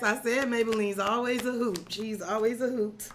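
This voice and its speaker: A woman's voice: on the high side, steady tone, normal speed, gravelly, hardly any pauses, a little hiss or hum. A woman reading tarot on a live stream, talking to the client in casual, profane slang and checking in with them often. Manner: addresses the client directly, checking in with "right?". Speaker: tarot reader.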